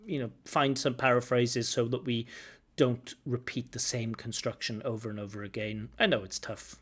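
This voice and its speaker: Guy giving speaking test feedback, thinks out loud, repeats words to show pronunciation. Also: medium pitch, steady tone, normal speed, slightly rough. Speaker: IELTS examiner giving feedback. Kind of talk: reviewing a recorded test aloud.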